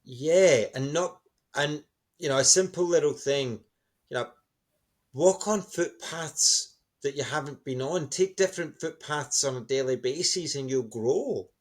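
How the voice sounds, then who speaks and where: A man's voice: a little high, measured pace. A middle-aged man, a guest speaker, giving enthusiastic, encouraging answers in an interview.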